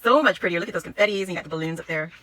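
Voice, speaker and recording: A woman vlogger unboxing a craft haul in casual chat, gushing and excitable, laughing often. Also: fairly low pitch, rapid-fire, dry recording.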